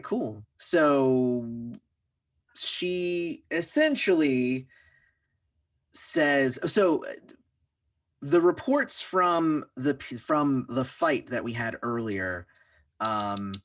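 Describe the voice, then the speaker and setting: A man game master narrating a tabletop game in a relaxed, filler-heavy way, often chuckling. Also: medium pitch, dry recording, studio quality, recorded from a distance.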